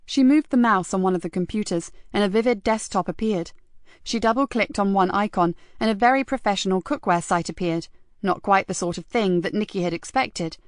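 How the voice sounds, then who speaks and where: A woman's voice: medium pitch, normal speed, no room sound. Woman narrating a crime audiobook, dry. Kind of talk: scripted narration.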